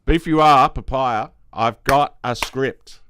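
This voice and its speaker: A man's voice: mid-range voice, unhurried, a bit bright, slight background noise. A man hosting a casual solo podcast, rambling and swearing, with frequent restarts. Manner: rambling, profane, many restarts. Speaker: podcast host.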